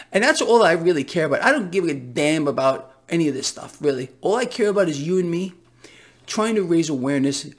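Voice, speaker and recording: A man hosting his own finance channel, ranting in a fervent, blunt, repetitive and profane way. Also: on the high side. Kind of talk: impassioned casual vlog rant.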